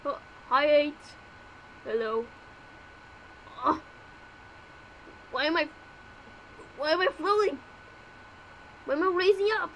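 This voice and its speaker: A woman's voice: high voice, lively intonation, slow, pauses often, fairly bright tone, slight background noise, poor audio. A woman voicing all the characters of a homemade fan cartoon, with frantic yelps and exclamations.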